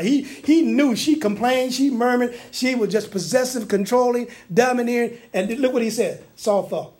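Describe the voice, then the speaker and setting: A man preaching a sermon, animated and humorous, with laughing asides and colloquial speech, acting out the lines he quotes. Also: very high voice. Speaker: pastor.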